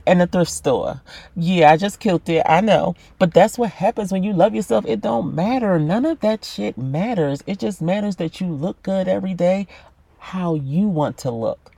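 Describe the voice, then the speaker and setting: A man's voice: high-pitched, vocal fry, warm tone, breathy edge, no echo. A man giving a blunt, swear-filled motivational monologue about self-love, talking straight to the listener. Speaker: self-help podcaster.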